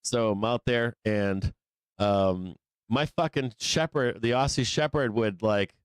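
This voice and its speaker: A man's voice: on the low side, takes it slowly, clean tone, no echo. A man hosting a live trading show, telling a long story in a casual, profane, rambling way, laughing often between lines. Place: studio office.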